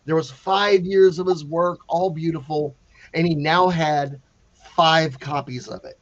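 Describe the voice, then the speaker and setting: A man telling a story in a casual, animated way, acting out the quotes with many restarts. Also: fairly high pitch, a little slow, dull audio. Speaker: panel guest telling a story.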